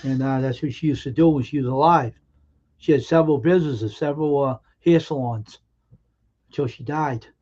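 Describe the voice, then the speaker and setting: A man with a dark, mellow voice tells stories on a live stream, earnest and emphatic, often pausing and restarting his sentences. The audio is dull and lo-fi. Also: medium pitch. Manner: earnest, emphatic anecdote-telling with halting restarts. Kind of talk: casual storytelling on a live stream.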